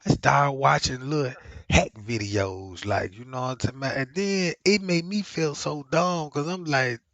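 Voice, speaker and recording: A male vlogger telling stories in a casual monologue, swinging between low muttering and loud exclamations, with frequent profanity and filler phrases. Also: normal speed, dry recording. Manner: peppers talk with profanity and "you know what I'm saying". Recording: slightly muffled, dry sound.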